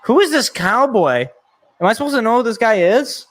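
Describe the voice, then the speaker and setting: A young man with a high-pitched voice talks through a live sports event as it happens. He rambles and thinks out loud, getting excitable as he reacts. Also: brisk. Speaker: sports show host. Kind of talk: live draft reaction commentary.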